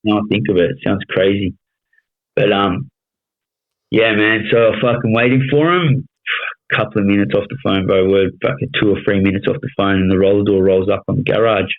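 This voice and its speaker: A man's voice: lowish voice, fairly even intonation, a little fast. A man in his thirties with an Australian accent, telling his story bluntly with constant swearing and "you know what I mean" as a podcast guest. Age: 30s. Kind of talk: casual storytelling interview. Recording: tinny phone-like sound.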